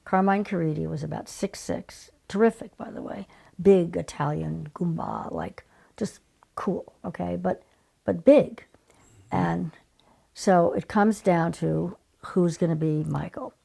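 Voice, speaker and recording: Gravelly older woman telling stories. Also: lowish voice, unhurried. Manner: lively, dropping into breathy whispered asides. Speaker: casting director. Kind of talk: anecdotal interview storytelling.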